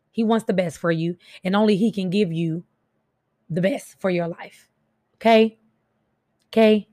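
A woman hosting a faith podcast, speaking slowly in a hoarse, out-of-breath voice and calling listeners baby and y'all. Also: medium pitch, no room sound, clean studio sound. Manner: slow, dragging delivery; warm pet names, addresses listeners directly. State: raspy and winded. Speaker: podcast host. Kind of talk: encouraging faith talk.

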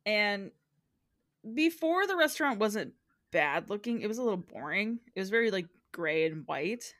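A woman's voice: mid-range voice, big pitch swings, moderate pace, a bit bright, no room sound. A woman recapping a show in casual podcast chat, giggly, with dry jokes.

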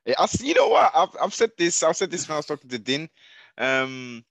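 Relaxed male interviewer, lively intonation, dry close mic. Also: fairly high pitch, brisk, vocal fry, no echo. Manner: short affirmations, laid-back. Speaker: interview host. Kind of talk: casual interview.

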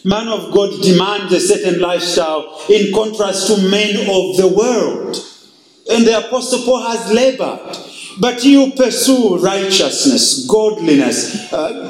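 A man's voice: fairly high pitch, reverberant, low-quality recording. A male pastor preaching emphatically and reading scripture in a sermon.

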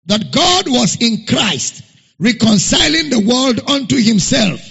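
A male pastor preaches in a high, animated voice that is gravelly and husky. He speaks slowly and repeats his points for emphasis. The sound is dull and lo-fi, with a long reverb from a large church hall. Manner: reads scripture aloud in King James wording. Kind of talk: sermon.

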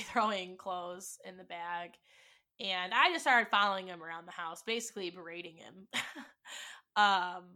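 Woman in her twenties, podcast host, bright tone, emotional storytelling, swears, acts out quoted lines. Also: medium pitch. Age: 20s. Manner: emotional, swearing, quoting dialogue with rising intensity. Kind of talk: personal storytelling.

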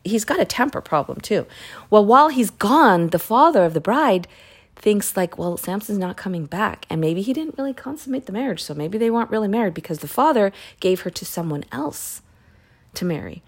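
A woman's voice: medium pitch, sing-song, fairly quick, slightly rough. A woman casually retelling Bible stories in a chatty way, with self-corrections and side remarks. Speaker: Bible reading podcaster.

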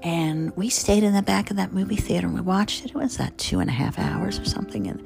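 Gravelly woman with a Southern twang. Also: mid-range voice, fast. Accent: Southern American over New Jersey. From New Jersey. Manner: chatty, digressive, animated, wry. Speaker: chef and show host. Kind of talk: rambling storytelling monologue. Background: music.

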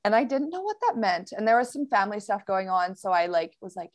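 A woman's voice: medium pitch, fast talker, hardly any pauses, dry recording. Chatty woman telling a story on a podcast. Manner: animated, laughs often, many fillers. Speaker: podcast guest. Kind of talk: casual storytelling conversation.

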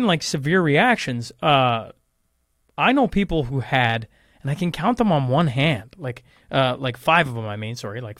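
A man with a somewhat high voice hosts a podcast conversation in a casual, rambling way. He jokes at his own expense and talks straight to his listeners. The sound is dry and close, with no room in it. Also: fairly bright tone, dry recording. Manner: rambling, self-deprecating, addresses listeners as folks. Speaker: podcast host.

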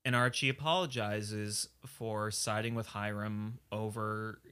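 A woman co-hosting a podcast in casual chat, animated and building long points. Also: rumbling low, unhurried, smooth. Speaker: podcast co-host.

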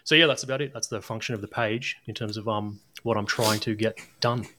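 A man with an Australian accent, a guest on a casual interview, talking in a measured, hedging way. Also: fairly low pitch, fairly even intonation, background noise. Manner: measured, hedging, says "mate". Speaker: guest, former army sniper.

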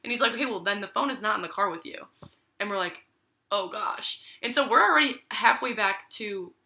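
A young woman tells a story in easy, casual talk. She acts out each person's lines and fills her talk with "like." Her voice is very bright and clear. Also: medium pitch, a little fast. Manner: lively storyteller, acts out quotes with many "like"s.

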